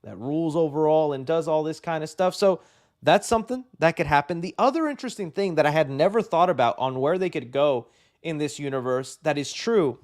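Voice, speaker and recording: An excitable man rambling through a casual live-stream chat, his voice sitting a bit high. He piles on fillers and restarts as he hosts. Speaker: host of a movie news live show.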